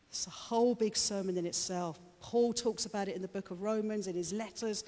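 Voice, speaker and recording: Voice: medium pitch, fairly even intonation, brisk, hardly any pauses, a little mellow. A preacher giving a sermon, chatty and joking with the congregation, then turning fervent and rousing. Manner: chatty, jokey asides to the congregation. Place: church hall with a congregation. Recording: long church-hall reverb.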